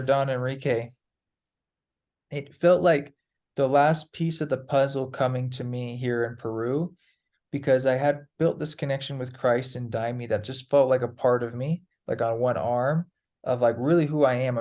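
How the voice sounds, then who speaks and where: A man's voice: mid-range voice, a little mellow. A man chatting as a guest, telling a loose, rambling story with plenty of fillers and casual swearing. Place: Peru.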